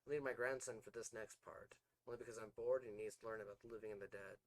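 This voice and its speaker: A man's voice: fairly low pitch, steady tone, fast, close to an everyday voice, low-quality recording. A man voicing a sly, smug male demon in a read-aloud story, purring and mock-sympathetic.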